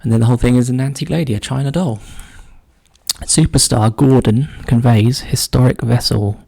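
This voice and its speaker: A man solving a cryptic crossword out loud, musing slowly and often muttering clues under his breath. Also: medium pitch, creaky, slightly rough. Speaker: crossword solver. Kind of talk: thinking aloud while solving a puzzle.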